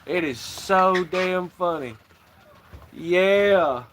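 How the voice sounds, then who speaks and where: A man's voice: high voice, very slow, a bit bright, a little hiss or hum. A man hosting a casual livestream, rambling and swearing freely and laughing often. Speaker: livestream host.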